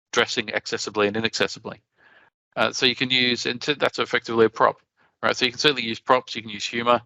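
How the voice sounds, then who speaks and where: An Australian man giving a conference talk in a chatty, animated way, often restarting his sentences. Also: lowish voice, no room sound, dull audio. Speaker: conference presenter.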